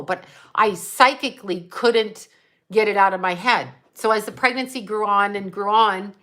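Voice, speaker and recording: Bright-voiced woman telling a rambling personal story. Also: medium pitch, measured pace. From United States. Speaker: psychic medium livestream host. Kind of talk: livestream talk with viewers.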